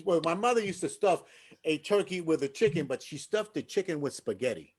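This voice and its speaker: A man's voice: on the high side, lively intonation, brisk. A man hosting an open mic comedy show over a video call, doing a chatty stand-up bit, laughing and asking the crowd "right?".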